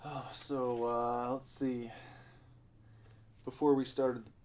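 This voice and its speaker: A man's voice: mid-range voice, little pitch movement, slow, a little mellow, slight background noise. A man co-hosting a podcast in casual chat, asking short, dry follow-up questions. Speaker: podcast co-host.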